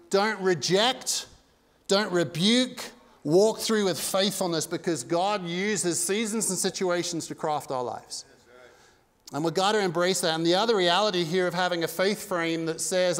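A high-pitched man preaching a sermon with earnest, conversational energy and casual asides. His voice rings out in a church hall with a long, lingering reverb. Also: fairly bright tone. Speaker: pastor. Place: church sanctuary.

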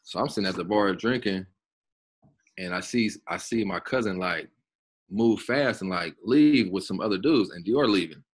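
A man's voice: low voice, normal speed, husky. Basketball guy on a podcast telling stories, slangy, curses a lot, keeps restarting. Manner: loose, slangy, swears freely, repeats words. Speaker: podcast guest, pro basketball player. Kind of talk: casual storytelling.

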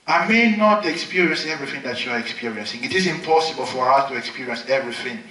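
Male pastor, bright forceful voice, dramatic loud-to-soft delivery, echoey hall, distant mic. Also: expressive, fast talker. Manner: dramatic swings from loud high exclamations to soft low murmurs. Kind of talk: sermon. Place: large hall at a healing crusade.

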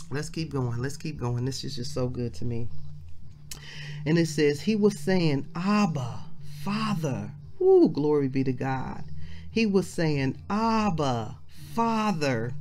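Near tears, a middle-aged minister delivers a fervent devotional, echoing her own phrases and interjecting praise and hallelujahs. She speaks in a low, animated voice at an unhurried pace.

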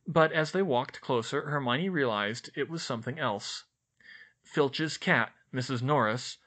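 Audiobook: male narrator, animated, bright tone, expressive read. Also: mid-range voice.

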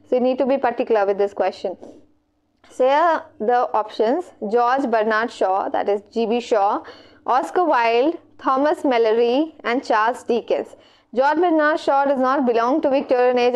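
A woman with an Indian English accent teaching an online exam revision lecture, explaining step by step and checking in with frequent okays. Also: a little high. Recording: dull lo-fi mic.

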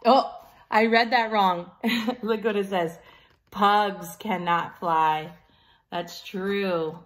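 A woman teacher reading a picture book aloud to children in an animated way, pausing to ask them questions. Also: mid-range voice. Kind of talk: children's story time.

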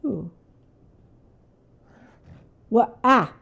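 An older woman hosting a gaming channel, talking herself through a tense game in casual commentary, dropping to hushed whispers and then bursting out loud. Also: a little high, expressive, drawn-out words, creaky, husky. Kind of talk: casual let's-play commentary.

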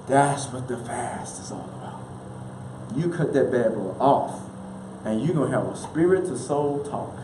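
A man preaching a sermon in a folksy, casual way, acting out quick little voices and laughing often. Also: mid-range voice, lively intonation. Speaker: minister. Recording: echoey room with faint noise.

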